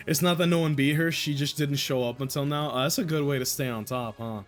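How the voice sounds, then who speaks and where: A man's voice: mid-range voice, brisk, soft background music. A man streaming a game, joking with his chat, swearing and laughing often. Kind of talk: live gameplay commentary.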